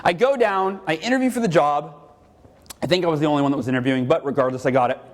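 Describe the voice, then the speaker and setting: Delivering a keynote to a live audience, a motivational speaker from California tells stories with lots of animation, acting out every voice in them. He talks fast, and his voice is a little high.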